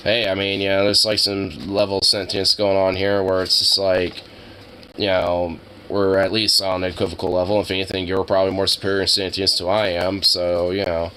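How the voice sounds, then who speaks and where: Young guy streaming, rambly and jokey, lots of like and you know, kinda low voice with a tense edge. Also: completely flat delivery, fairly quick, sharp tone, slight background noise, poor audio. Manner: rambling, heavy filler words, joking. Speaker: live streamer. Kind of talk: casual chat with viewers.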